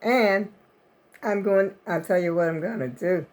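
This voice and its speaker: A woman's voice: medium pitch, unhurried, darkish tone. An older woman vlogger, rambling in casual chat to her viewers. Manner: rambling, chatty, talks to viewers as y'all.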